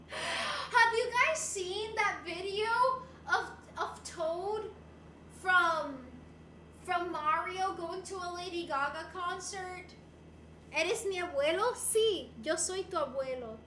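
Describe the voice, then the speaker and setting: A woman's voice: extremely high pitch, slow pace, bright, forceful tone, echoey room, a little hiss or hum. A young woman streaming live, chatting playfully with her viewers and switching between English and Spanish. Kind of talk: casual live-stream chat.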